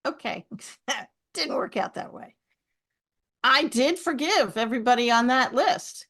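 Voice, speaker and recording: A middle-aged woman, a podcast guest, telling stories with lively asides. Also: on the high side, measured pace, slightly rough. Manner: animated storyteller, lively asides. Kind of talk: podcast conversation.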